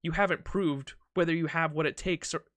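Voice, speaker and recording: Dude doing a hot-headed girl monk, earnest and scolding, high and sharp. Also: steady tone, fairly quick, no room sound, close to an everyday voice. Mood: puzzled. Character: fiery young woman monk, hot-tempered.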